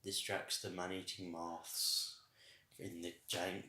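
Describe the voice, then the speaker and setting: A man with a low voice co-hosts a casual review podcast. He rambles, trailing off and starting his sentences over. The sound is roomy and echoey. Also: little pitch movement, slow, pushed and bright. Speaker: podcast co-host.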